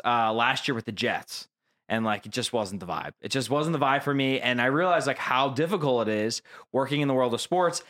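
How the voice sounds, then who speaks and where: A man co-hosting a casual podcast, talking in a relaxed, affirming way and adding "right?" often. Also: mid-range voice. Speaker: podcast co-host.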